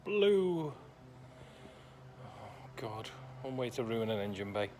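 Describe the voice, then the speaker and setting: A man's voice: fairly low pitch, fairly even intonation, moderate pace, a little hiss or hum. Dry, sarcastic man in a workshop. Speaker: classic car restorer. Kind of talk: workshop vlog narration.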